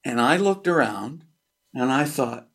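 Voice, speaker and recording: A man from Canada, a percussionist and author, tells a childhood story as an interview guest. He acts out voices and sound effects and pauses with fillers as he goes. His voice sits at a middling pitch. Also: lively intonation, a bit bright, husky.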